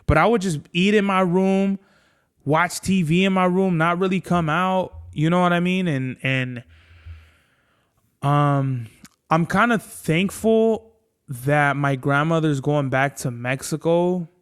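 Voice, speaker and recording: A man's voice: on the high side, slow pace, clean tone. Candid, cursing young man venting. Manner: candid, profane, rambling with restarts; gets heated and animated when venting. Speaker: podcast host. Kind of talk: casual chat.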